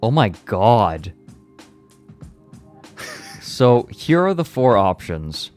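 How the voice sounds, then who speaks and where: A man's voice: on the low side, very animated, drawn-out words, pauses often, a little mellow, soft background music. A man streaming in casual chat, laid-back and wry, joking while reading along.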